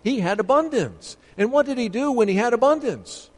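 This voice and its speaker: A man preaching a sermon, emphatic and building to sharp, rising points as he makes his case. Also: very high voice, lively intonation, moderate pace, in a large hall.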